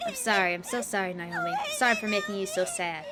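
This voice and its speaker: A woman voicing a remorseful teenage schoolgirl, pleading in a tearful, apologetic way, with steady background hiss. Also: medium pitch, quick pace, voice pushed down, close to an everyday voice.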